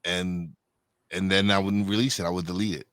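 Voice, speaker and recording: A man with a notably deep voice hosts a podcast in an easy, chatty way. He circles back and restarts his sentences as he thinks. The sound is dry and close, with no room around it. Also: little pitch movement, a little fast, a bit bright, no room sound. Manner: rambling, self-correcting restarts. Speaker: podcast host. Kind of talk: casual interview chat.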